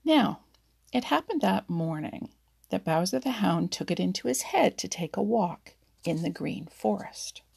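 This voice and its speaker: Slow, gravelly woman reading a storybook. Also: medium pitch, lively intonation. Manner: unhurried, soft, often half-whispered.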